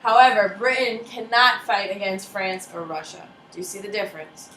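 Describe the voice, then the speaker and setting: A woman with a mid-range, fairly bright voice and fairly even intonation teaches a history class at normal speed, joking around, calling on students by name, and voicing countries in funny accents. It's a classroom lecture picked up from a distance in an echoey room, with faint ambience and slight background noise.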